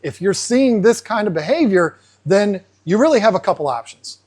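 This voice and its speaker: A man's voice: sits high, moderate pace, breathy edge. A man hosting an aquarium channel, explaining casually and acting out fish in playful asides. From United States. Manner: animated, acts out fish voices in asides.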